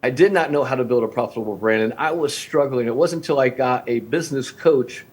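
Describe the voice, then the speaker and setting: A man's voice: mid-range voice, fairly quick, husky. A man in his fifties, a restaurant coach, speaking as a guest on a podcast interview and acting out conversations with clients. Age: 50s. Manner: energetic, acts out phone-call dialogues with clients.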